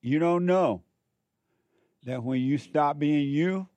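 A man's voice: a little high, slow pace, warm tone, no room sound. A man preaching a sermon, exhorting and repeating his points while speaking straight to the listeners. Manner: repetitive, exhorting, addresses listeners directly.

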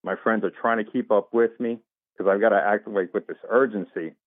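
A low-pitched man tells a personal story in a relaxed, conversational way, slipping into the voices of the people in it. His voice comes through a thin, phone-like line with a dry, close sound. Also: brisk, no echo. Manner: animated retelling, acts out quoted voices. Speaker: interview guest. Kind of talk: casual storytelling.

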